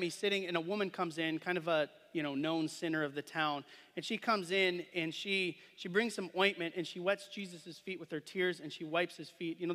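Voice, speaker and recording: A man's voice: high-pitched, sharp tone. A man preaching a sermon, reading scripture aloud and then explaining it conversationally, often checking in with the listeners. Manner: asks listeners questions and adds "right?". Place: church sanctuary. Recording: long hall reverb.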